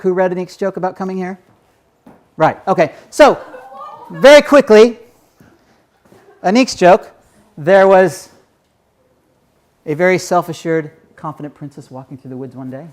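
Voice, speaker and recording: A man's voice: high voice, measured pace, pauses often, darkish tone. A man giving a keynote on public speaking to a live audience, conversational and often checking in with "right?". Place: stage before a live audience.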